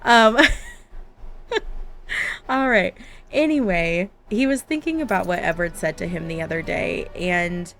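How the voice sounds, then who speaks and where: A woman's voice: fairly low pitch, slow pace, pauses often, a bit bright. A woman doing casual, chatty gameplay commentary from her home office, giggling and talking to her game characters. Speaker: gaming YouTuber.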